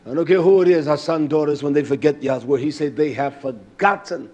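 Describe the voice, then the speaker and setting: Man, preacher, sermon, fervent, fairly high voice, hallelujahs. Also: fast talker, dull audio. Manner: fervent, rising to shouts, then quieter and reflective; repeats hallelujah as he speaks.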